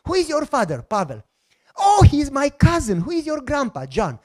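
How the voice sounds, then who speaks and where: A man voicing an excited middle-aged woman factory director, loud and gushing. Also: very high-pitched, fairly quick, pitched above the performer's own voice, heavily acted. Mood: delighted.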